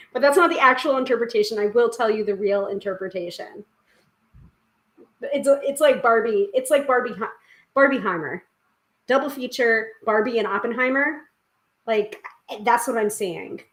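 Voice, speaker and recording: A chatty woman on a live tarot stream, giggling often and correcting herself as she talks. Her voice sits a little high. The room around her rings with echo. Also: a little slow, long pauses. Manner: chatty, giggly, lots of fillers and self-corrections. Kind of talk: casual live-stream chat and card reading. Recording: echoey room.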